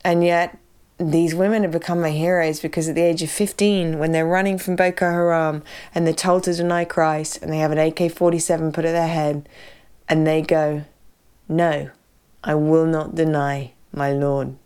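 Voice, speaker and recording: A woman's voice: low voice, little pitch movement, a little fast, a little mellow, clean tone. A woman hosting a podcast, talking casually and drifting into digressive stories and asides. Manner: chatty, digressive storytelling with asides. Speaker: podcast host. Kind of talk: casual personal talk.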